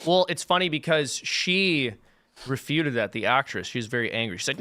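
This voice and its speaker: A man's voice: medium pitch, animated, moderate pace, sharp tone, no echo. A man co-hosting a casual studio panel chat with wry, teasing banter. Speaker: panel co-host. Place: podcast studio.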